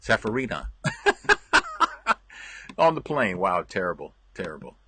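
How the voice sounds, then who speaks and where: A man's voice: mid-range voice, animated, fairly quick, bright, forceful tone, slight background noise. A man hosting a casual live stream, chatting with viewers and answering their comments, laughing often and repeating himself. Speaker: host reading viewer comments.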